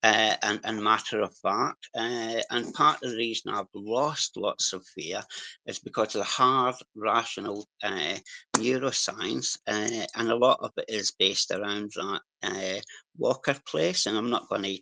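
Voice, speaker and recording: A man with a strong regional accent speaking on a live audio chat, halting and apologetic, restarting his sentences often. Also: lowish voice, creaky, bright, forceful tone, no echo, low-quality recording. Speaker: caller sharing experiences. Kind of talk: casual hesitant sharing on a live audio chat.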